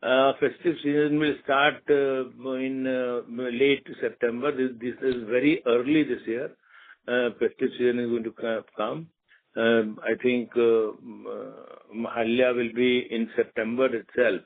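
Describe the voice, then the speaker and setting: A man answers questions on an earnings conference call, pausing and restarting often. His voice sits in an ordinary middle register. It comes through a narrow, tinny phone line. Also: medium pitch, level tone. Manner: halting, many fillers and restarts. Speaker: company executive answering analysts.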